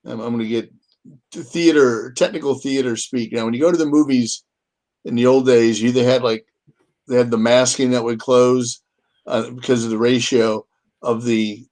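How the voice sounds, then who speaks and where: A man at an ordinary mid pitch co-hosts a casual live chat. He explains things in a relaxed way and often restarts his sentences as he thinks aloud. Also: normal speed.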